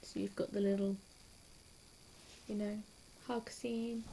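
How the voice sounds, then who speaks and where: A young woman chatting casually and excitedly about a TV episode, giggly and hyper, gushing and rambling from scene to scene. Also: medium pitch, gravelly, slight background noise. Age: young adult. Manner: hyper, giggly and quick to gush. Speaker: TV reaction vlogger. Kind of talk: casual rambling reaction chat.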